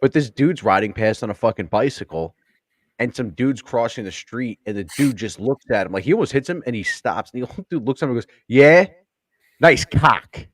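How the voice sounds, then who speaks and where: A man, co-hosting a podcast, telling profane anecdotes in lively casual chat. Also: medium pitch, a little fast, dry recording, studio quality. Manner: animated, profane, laughing anecdotes. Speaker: podcast co-host. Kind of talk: casual crude comedy chat.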